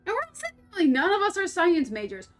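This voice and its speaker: A woman's voice: very high voice, huge pitch swings, fairly quick, soft background music. A young woman streaming a game, rambling through a story in casual chat, laughing and swearing freely. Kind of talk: casual storytelling while playing.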